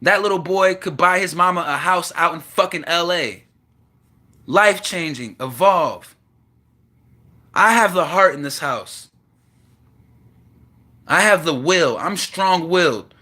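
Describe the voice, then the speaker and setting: Impassioned ranting man, forceful voice. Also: fairly high pitch, slow, pauses often. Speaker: vlogger. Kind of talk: emotional monologue to camera.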